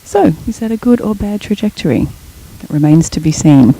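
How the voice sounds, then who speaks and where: A woman's voice: lowish voice, expressive, normal speed, warm tone, husky, low-quality recording. A middle-aged woman giving an academic lecture, explaining terms and telling a short story from her own life. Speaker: guest lecturer.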